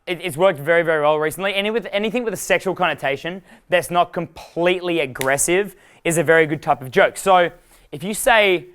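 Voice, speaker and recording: A man's voice: fairly high pitch, brisk, fairly bright tone, a little hiss or hum. A young adult man leading a live dating workshop, rambling and profane, laughing at his own jokes. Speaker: dating coach.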